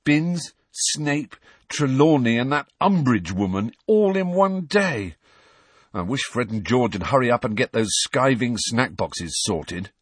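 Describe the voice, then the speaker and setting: A man's voice: mid-range voice, expressive, unhurried, slightly rough, no room sound, distant mic, pitched above the performer's own voice. A man voicing Ron, a grumpy, sulky teenage schoolboy who grumbles about his lessons. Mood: grumbling. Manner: sulky, exasperated.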